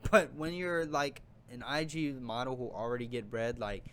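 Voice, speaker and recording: A man's voice: mid-range voice, steady tone, normal speed, a bit bright, a little hiss or hum. A young man co-hosting a podcast, blunt and profane in casual chat, often giving short reactions. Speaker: podcast co-host.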